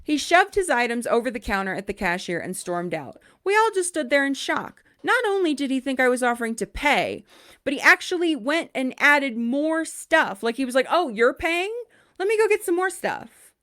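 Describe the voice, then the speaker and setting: Animated, blunt woman podcast host. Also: high-pitched, normal speed. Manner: animated and blunt, swears freely. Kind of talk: casual chat, reading listener stories aloud.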